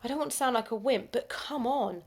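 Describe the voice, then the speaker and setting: A woman primary school teacher reading a story aloud to children, expressive and dropping into whispers for the asides. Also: on the high side, fairly quick.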